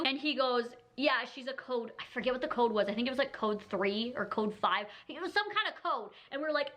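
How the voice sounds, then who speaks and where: A young woman from Canada, telling a story to camera in a chatty, animated way and acting out what people said. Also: fairly high pitch, brisk, few pauses. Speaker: vlogger. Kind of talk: storytime vlog.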